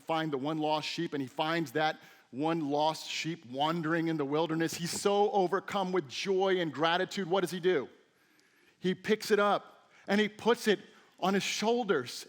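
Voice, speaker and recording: A middle-aged man preaching a sermon as a teaching pastor, telling stories with lively, acted-out quotes. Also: a little high. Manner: animated storytelling with acted-out quotes. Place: church sanctuary.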